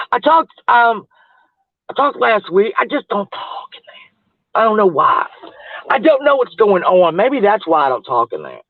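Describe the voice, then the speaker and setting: A woman's voice: mid-range voice, huge pitch swings, a little slow, long pauses, dry recording. A woman livestreaming, chatting casually with viewers in a gossipy, rambling way and laughing often. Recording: tinny phone-like audio, dry.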